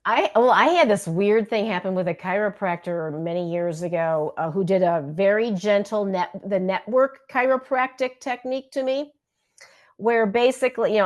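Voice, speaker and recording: A woman chatting on a video call, telling a story with lively acted-out quotes. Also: medium pitch, a little fast. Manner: animated storytelling, acts out quotes loudly. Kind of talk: casual chat.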